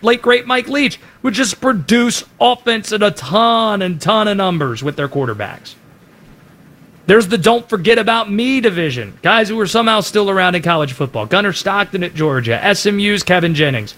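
A man hosting a sports show, delivering a brisk, opinionated commentary monologue. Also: sits high, fairly bright tone. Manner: brisk, opinionated delivery with quick name lists.

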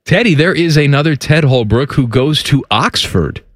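A man co-hosts a loose sports chat show, rambling and joking as he reads out stats. His lively pitch rises and falls a lot. The sound is close and dry. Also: moderate pace, no room sound. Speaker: co-host.

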